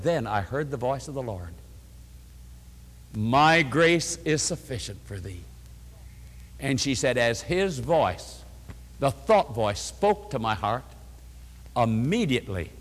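A man preaching a sermon, earnestly retelling a woman's letter and then guiding listeners to take notes. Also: medium pitch. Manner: earnest storytelling, retelling a letter with rising emotion. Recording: long hall reverb.

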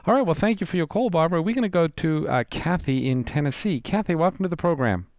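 A man's voice: a little high, expressive, quick pace, a little mellow, no echo, clean studio sound. A man co-hosting a call-in Bible show, quoting verses and affirming the pastor's answers. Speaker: radio co-host.

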